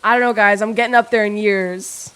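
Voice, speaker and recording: A woman's voice: medium pitch, fairly even intonation, fairly quick, a bit bright, smooth. A young woman streamer chatting casually with her chat, playful and rambling, swearing freely and reading messages aloud.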